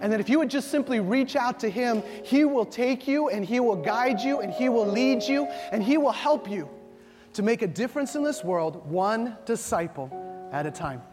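High-voiced preaching man in echoing hall. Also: normal speed. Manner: call-and-response preaching, animated, acting out dialogue. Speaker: pastor. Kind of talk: sermon. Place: church sanctuary. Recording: long hall reverb with faint music.

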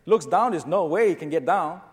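Male pastor, earnest sermon delivery, fairly high voice, long church-hall reverb. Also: lively intonation, fairly quick. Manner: earnest, storytelling preacher, rising to emphatic peaks.

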